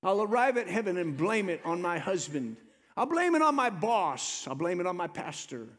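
High-voiced male pastor preaching. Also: big pitch swings, normal speed. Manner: preaching with rising emphatic swells and quiet drops. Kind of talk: sermon.

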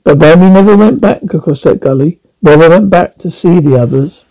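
Man, storybook narrator, high gravelly voice, mellow tone, halting reading. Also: rough recording. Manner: halting, with frequent slips and restarts. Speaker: audiobook reader.

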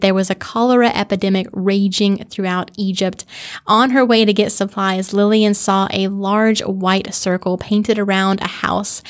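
A woman hosting a podcast, narrating a true historical story in an earnest, conversational way, with small restarts and asides to the listener. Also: medium pitch. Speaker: podcast host.

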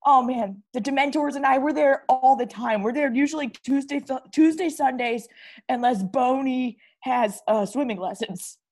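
Brash teen prankster boy voiced by a woman, husky and fairly high, calls everyone bro. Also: normal speed, darkish tone. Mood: boastful. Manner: slangy, boastful, calls people bro. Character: brash cocky teenage boy breakdancer and prankster. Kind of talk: improv comedy interview.

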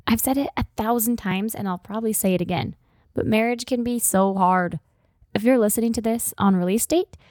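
Chatty woman podcast host, slightly high voice. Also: dark tone, dry recording, clean studio sound. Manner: chatty and sympathetic, jokes lightly. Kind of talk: conversational interview.

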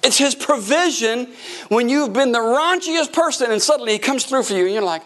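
A middle-aged man preaching a sermon, telling stories and acting out voices in a jokey, animated way. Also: very high voice, a little fast. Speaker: pastor. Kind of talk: lively sermon with storytelling.

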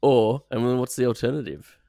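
A man's voice: medium pitch, brisk, dark tone, dry recording, clean studio sound. A man co-hosting a casual podcast, asking questions, hesitant and often laughing. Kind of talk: casual chat.

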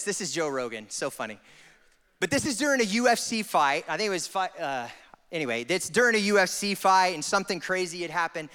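A man preaching a sermon and praying, swinging from hushed, intimate prayer to loud, impassioned exhortation. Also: high voice, sing-song, fairly quick, clean tone. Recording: long hall reverb with music behind.

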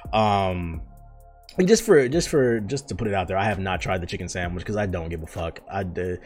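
A man's voice: sits low, animated, fairly quick, darkish tone, soft background music. A young man hosting his own podcast, ranting casually with lots of swearing, restarts and exasperated asides. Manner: profane, rambling, exasperated. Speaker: podcast host. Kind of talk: casual solo podcast rant.

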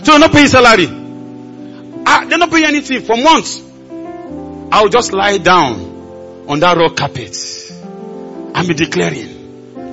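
High-voiced Nigerian preacher. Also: male voice, moderate pace, creaky, pauses often, highs cut off, over music. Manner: builds to shouting, leads call and response. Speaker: pastor. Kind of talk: sermon. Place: large conference hall.

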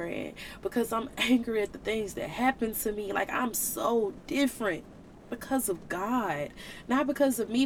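A podcast host with a medium-pitched voice speaks earnestly and emotionally on her faith podcast, preaching with casual slang and growing tearful at times. There's a little hiss or hum in the audio.

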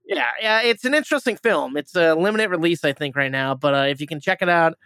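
A man's voice: fairly high pitch, expressive, quick pace, pushed and bright, clean tone, no room sound. A man hosting a movie review podcast, retelling a plot in a rambling, casual way, full of fillers, restarts and swearing.

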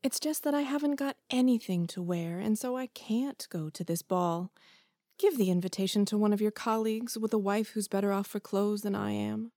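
An actress playing a discontented young wife who longs for luxury, in an audio drama, speaking plaintively. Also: female voice, medium pitch, expressive, normal speed, a little mellow, dry recording. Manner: plaintive, wistful. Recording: dry close studio sound.

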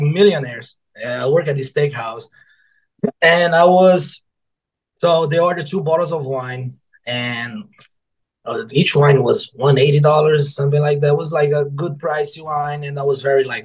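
A man with a fairly high voice tells a story in casual chat. He is animated, swears freely and acts out his own quotes. His has a turn. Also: normal speed, rough recording. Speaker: guest author and former server.

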